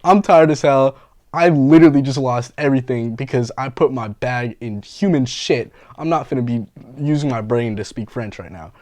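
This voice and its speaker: A man's voice: mid-range voice, moderate pace, no echo. Young man telling a profane, laughing story. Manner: animated, profane, laughs often, slangy. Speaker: graffiti artist and painter. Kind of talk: casual storytelling interview.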